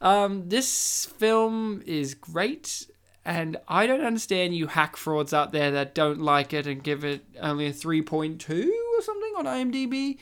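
A man's voice: a little high, animated, unhurried, fairly bright tone, smooth. A man co-hosting a casual movie commentary, joking, sarcastic and swearing freely. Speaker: podcast co-host.

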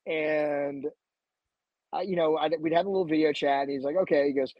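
Man, higher-pitched voice, lively storyteller, acts out quotes, slightly muffled dry recording. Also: a little fast, no echo. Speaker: podcast guest, jiu-jitsu black belt. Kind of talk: casual storytelling. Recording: slightly dull, dry sound.

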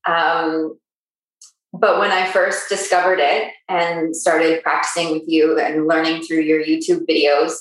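A woman from Canada asking a yoga teacher a long question over a video call. She speaks hesitantly, with many pauses and fillers. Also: lowish voice, heavy reverb, low-quality recording.

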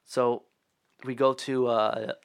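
A man's voice: medium pitch, level tone, gravelly, clear, resonant tone, no room sound, clean studio sound. A man co-hosting a podcast, casually recapping a movie scene by scene with lots of fillers. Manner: laid-back, filler-heavy retelling with quick impressions. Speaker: podcast co-host.

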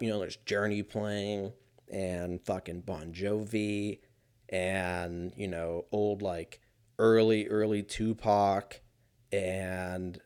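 A man talking alone in a casual monologue as a podcast host, rambling and swearing and often laughing. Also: lowish voice.

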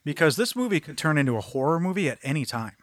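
A man's voice: a little high, sing-song, fast, dry recording. A man co-hosting a podcast, chatting casually about a film in a rambling, jokey way. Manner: rambling, jokey, self-interrupting. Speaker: podcast co-host.

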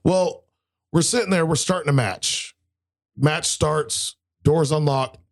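A man in his thirties with a somewhat high voice vents on a casual talk show. He curses constantly and slips into quoted exchanges as he rants. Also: slow pace, vocal fry. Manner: heated, swears constantly, acts out quotes. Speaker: podcast co-host. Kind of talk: casual profane rant.

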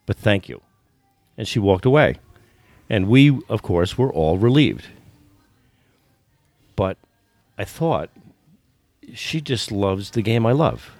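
A man's voice: fairly low pitch, sing-song, slow, long pauses, darkish tone, no echo. A man in his sixties from the United States, telling stories as a podcast guest, often repeating words and restarting. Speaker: guest, football business consultant. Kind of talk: storytelling in a podcast interview.

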